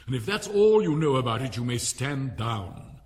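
A man voicing a pompous, fussy king in a storybook reading, making slow, emphatic pronouncements. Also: medium pitch, very animated, darkish tone, in a large hall, lightly acted. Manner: emphatic, drawn-out royal pronouncements. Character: pompous fussy king, stern and easily flustered.

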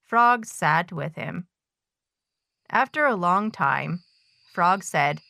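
A woman reads a children's storybook aloud, unhurried and with a lively rise and fall in her voice. The pace is slow and careful. The sound is dry and close. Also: on the low side, gravelly, no room sound. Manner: slow, expressive reading.

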